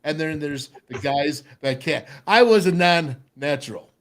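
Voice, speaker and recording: Animated man telling a football story. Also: on the high side, a little slow. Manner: animated storyteller, acts out voices, laughs often. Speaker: radio show host, former football player. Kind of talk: casual sports talk storytelling.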